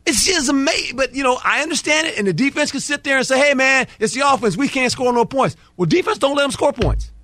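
A man's voice: very high-pitched, lively intonation, fast, few pauses, bright, forceful tone, no echo. A man breaking down football on a sports talk show. He talks emphatically in folksy football slang and acts out players and coaches in quoted dialogue. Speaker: football analyst guest.

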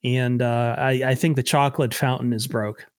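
A man's voice: medium pitch, steady tone, moderate pace, dry recording, clean studio sound. A man hosting a casual sports podcast in a sarcastic, joking way. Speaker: podcast host.

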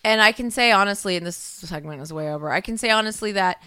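A woman's voice: mid-range voice, fast talker, bright, forceful tone, clear, resonant tone. A woman in casual podcast chat, blunt and profane, often laughing.

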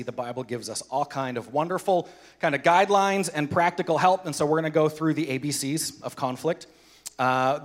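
Casting: thirties male pastor, lively conversational sermon, slightly high voice. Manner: animated, conversational, acts out quoted voices.

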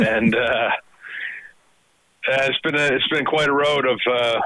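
A middle-aged man from Canada talks easily about running his restaurant, dropping a joke here and there. His voice is bright and forward, recorded dry with no room around it. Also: medium pitch, fairly even intonation, slow, no echo, rough recording. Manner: easygoing, jokey. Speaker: restaurant owner guest. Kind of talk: casual interview over a call.

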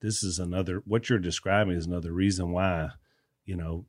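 A man's voice: sits low, steady tone, brisk, no echo, clean studio sound. A middle-aged man with a Southern US accent in casual podcast chat, chiming in with short earnest remarks. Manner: short affirming interjections, earnest. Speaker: podcast co-host.

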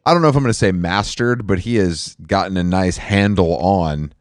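Low-voiced, laid-back man laughing easily. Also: moderate pace, no echo, clean studio sound. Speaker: podcast co-host. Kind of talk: casual chat.

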